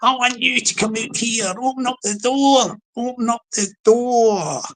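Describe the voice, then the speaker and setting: A man voicing a threatening online tough guy who shouts demands at a door in a Scottish accent. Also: very high voice, voice pushed up, exaggerated voice. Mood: aggressive. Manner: shouting demands, slow and pushy.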